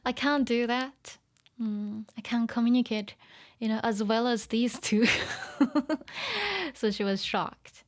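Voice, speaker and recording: A woman's voice: on the high side, level tone, slow, pauses often, a little mellow. A woman giving a casual online language lesson, chatty and full of fillers and small laughs. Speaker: language teacher.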